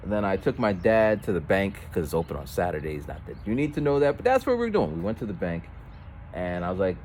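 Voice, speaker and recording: Low-voiced man rambling on a walk. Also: lively intonation, quick pace, darkish tone, a little hiss or hum. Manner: rambling, with false starts and voiced quotes of others. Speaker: vlogger. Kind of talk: casual storytelling while walking. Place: outdoors on a street.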